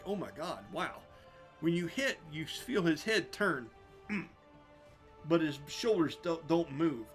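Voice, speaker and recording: A man running a tabletop game as game master, narrating the action in a lively, descriptive way and laughing often. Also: on the high side.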